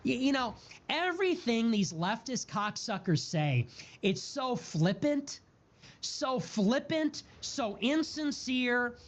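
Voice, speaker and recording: A man's voice: very high-pitched, very animated, takes it slowly. A man giving a heated political monologue, repeating and stacking words in a building rhythm, with profane outbursts. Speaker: political streamer. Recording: dull lo-fi audio.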